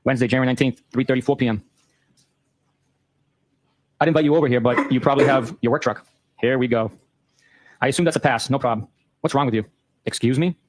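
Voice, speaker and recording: Brisk man reading texts aloud. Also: medium pitch, dry recording. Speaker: host. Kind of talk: reading text messages aloud.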